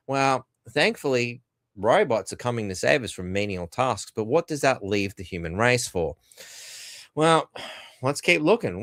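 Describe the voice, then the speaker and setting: A man's voice: medium pitch, expressive, normal speed, fairly bright tone, no room sound, clean studio sound. An Australian man hosting a podcast, delivering a rambling, profane, sardonic rant. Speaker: podcast host. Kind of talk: ranting commentary.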